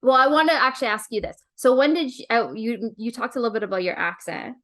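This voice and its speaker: A woman's voice: a little high, fast, a bit bright. A woman hosting a podcast, chatting enthusiastically and casually with her guest. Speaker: podcast host.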